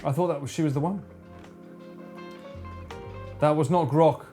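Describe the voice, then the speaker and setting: A man's voice: fairly high pitch, unhurried, dark tone, faint music behind. Joking streamer man. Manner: joking, banter with chat, sudden laughs. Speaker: livestreamer. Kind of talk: casual live-stream chat.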